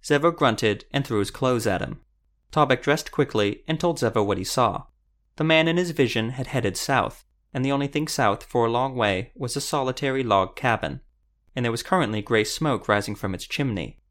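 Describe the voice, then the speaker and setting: Medium in pitch and speaking at a normal speed, a man narrates a fantasy audiobook. His delivery stays even and steady throughout.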